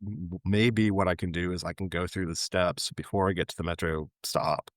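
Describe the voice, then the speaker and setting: Low-voiced man telling lively stories. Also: brisk, no room sound. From New York. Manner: animated anecdote-telling, acting out quoted voices with big pitch jumps. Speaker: podcast guest. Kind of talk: casual storytelling interview.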